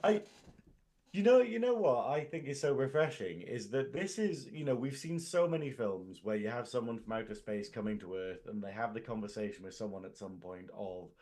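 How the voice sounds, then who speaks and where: A man's voice: mid-range voice, animated, moderate pace, darkish tone. A man on a casual film review podcast, talking enthusiastically and thinking aloud as he makes his points. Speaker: podcast co-host or guest.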